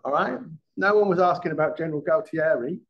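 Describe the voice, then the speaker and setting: A man's voice: a little high, brisk, muffled recording. A middle-aged man, a former police detective, giving a live classroom lecture, often restarting words and checking in with the class. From England.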